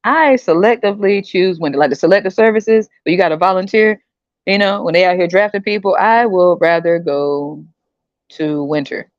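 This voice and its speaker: A woman hosting a podcast in a casual comedic rant, animated and slangy, often breaking into laughter. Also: fairly low pitch, moderate pace, dry recording, dull audio. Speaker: podcast host.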